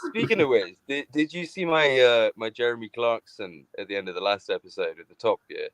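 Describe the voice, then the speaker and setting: A man's voice: medium pitch, expressive, a little fast, fairly bright tone, dry recording. A man on a video call chatting casually on a live stream, laughing often, swearing freely and slipping into impressions. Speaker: guest, fellow channel host.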